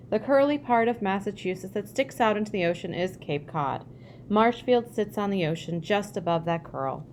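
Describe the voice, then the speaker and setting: A woman reads a childhood memoir aloud in a mid-range voice. She gets expressive when she voices the family's dialogue. Faint noise sits under the recording. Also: mid-range voice. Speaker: reader.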